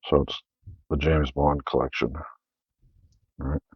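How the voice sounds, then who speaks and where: A man's voice: very deep voice, steady tone, measured pace, slightly rough, no echo, lo-fi sound. A Canadian man hosting his own channel, casually rambling through his film collection with many fillers and self-corrections.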